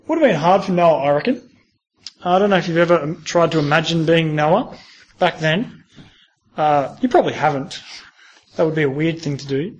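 A man preaching to university students in a conversational, personal way, often asking them questions. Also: a little high. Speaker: speaker at a university Christian group. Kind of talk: sermon.

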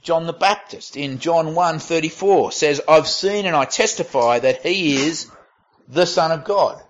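High-voiced man preaching. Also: muffled recording. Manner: conversational, reads scripture aloud, with pauses and restarts. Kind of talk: sermon.

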